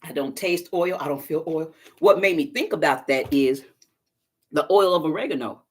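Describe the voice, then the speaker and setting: Her voice sits low with a breathy edge and moves at normal speed. Doing a live stream as a vlogger, she's a chatty storyteller who talks directly to viewers using homespun, folksy language.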